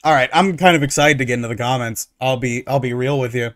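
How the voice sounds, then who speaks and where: A man hosting casual reaction commentary, ranting in an animated, sarcastic, opinionated way. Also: mid-range voice, fast talker, no echo, studio quality. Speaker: streamer reacting to online posts.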